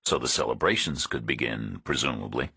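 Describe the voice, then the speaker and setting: A male narrator reads a thriller audiobook in a steady, even voice. His voice is extremely deep, with a husky grain. The recording is dry and close, with no room sound. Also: a little fast, no echo.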